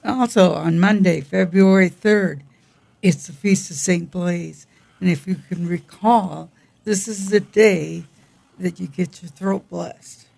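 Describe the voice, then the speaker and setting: An older woman co-hosting a casual chat about the week's feast days, with a gravelly voice and frequent throat clearing, speaking in a wry, halting way. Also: lowish voice, fairly even intonation, a little mellow. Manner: unhurried, wry, halting reading. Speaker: co-host.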